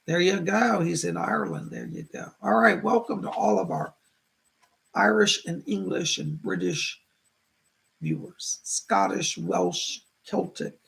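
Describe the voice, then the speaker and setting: A man's voice: high voice, huge pitch swings, measured pace, gravelly, a bit bright. A man hosting a psychic live stream in a chatty, effusive way, greeting viewers by name and reading out their comments. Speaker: psychic livestream host. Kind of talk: casual live-stream chat.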